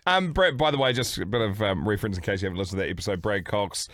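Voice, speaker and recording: Laid-back, low-voiced man on a podcast. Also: very fast, background noise. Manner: laid-back, sweary banter. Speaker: podcast co-host. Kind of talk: casual chat.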